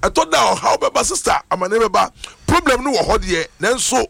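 A man's voice: sits high, sing-song, normal speed, vocal fry, bright, forceful tone, breathy edge, no room sound. A man preaching steadily, addressing listeners as family. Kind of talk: sermon.

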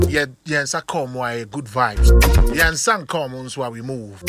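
A man with a Ghanaian accent hosting a call-in radio show, giving hyped shout-outs and blessing a caller. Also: medium pitch, animated, normal speed, loud music behind the voice. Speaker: radio host. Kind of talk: call-in birthday show, English and Twi mix.

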